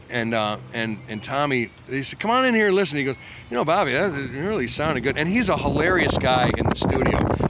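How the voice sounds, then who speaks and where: A musician guest with a mid-range voice tells long stories in a casual interview, rambling and interrupting himself with many restarts. He acts out quotes in a raised voice. The audio is lo-fi and very noisy.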